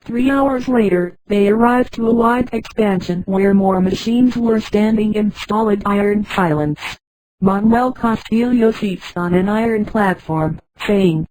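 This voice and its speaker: A text-to-speech woman's voice narrating a story in a flat delivery, reading punctuation marks aloud. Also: mid-range voice, unhurried, no room sound, rough recording.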